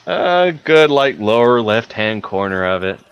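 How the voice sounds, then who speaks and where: A man's voice: on the low side, sing-song, a little slow, clean tone, muffled recording. A man playing a tabletop game, describing his character's exaggerated actions in a playful, hammy way. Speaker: player.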